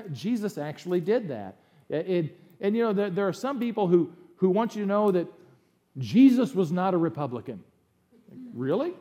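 Lively, mellow-voiced male preacher. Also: high-pitched, highs cut off. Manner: animated, conversational, opinionated asides. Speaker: pastor. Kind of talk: sermon.

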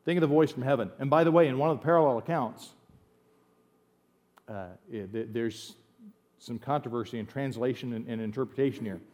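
A man's voice: mid-range voice, brisk, darkish tone. A middle-aged man from the United States, preaching a sermon as a pastor in a conversational way that swings into emphatic bursts.

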